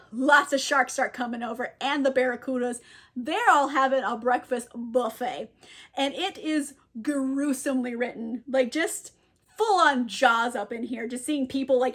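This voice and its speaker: A woman's voice: high-pitched, fairly bright tone. A young woman casually retelling a novel's plot, with lots of fillers and frequent laughter. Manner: laughs often, lots of fillers, quick quoted asides. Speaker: book reviewer. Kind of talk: casual book recap.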